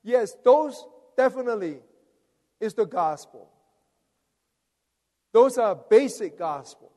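A man's voice: very high-pitched, expressive, takes it slowly, warm tone. A man preaching a sermon, rousing, coaxing the audience to respond. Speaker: preacher leading a conference message. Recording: long reverb of a large hall.

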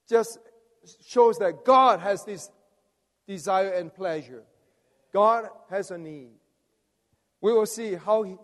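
High-voiced preacher in a reverberant hall. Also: male voice. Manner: rousing, coaxes the audience to respond. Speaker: preacher leading a conference message. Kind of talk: sermon. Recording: long reverb of a large hall.

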